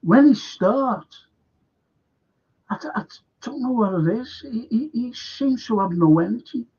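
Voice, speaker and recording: A man's voice: extremely high pitch, animated, a little slow, darkish tone, husky. A man hosting a fan football show, ranting heatedly and swearing constantly as he repeats himself. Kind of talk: angry ranting talk-show monologue. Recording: dull lo-fi sound.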